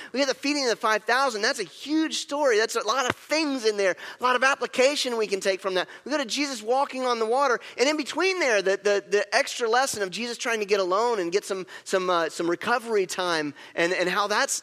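High-voiced pastor preaching in an echoing hall. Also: male voice. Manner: animated storytelling, acts out scenes. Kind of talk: sermon.

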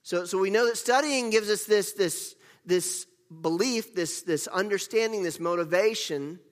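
A man's voice: high-pitched, normal speed, in a large hall. A middle-aged man, a pastor preaching an earnest sermon in church, with playful self-deprecating asides.

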